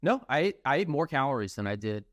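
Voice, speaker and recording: Profane, animated young podcast host. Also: male voice, mid-range voice, quick pace, no room sound, studio quality. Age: young adult. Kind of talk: casual chat.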